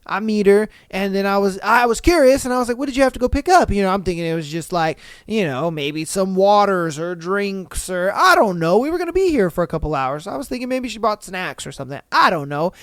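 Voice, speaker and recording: A man's voice: high-pitched, fairly quick, hardly any pauses, clean tone, no echo, clean studio sound. Slangy young man hosting a podcast. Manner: slangy, profane, animated storytelling. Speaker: podcast host. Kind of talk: casual solo podcast commentary.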